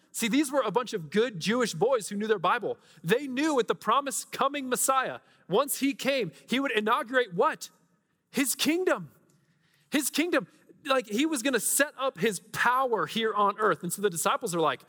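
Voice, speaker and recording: A male pastor delivers a conversational sermon with animated energy, tossing rhetorical questions at the room. His voice sits a little on the high side, and a long hall reverb trails every phrase. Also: moderate pace.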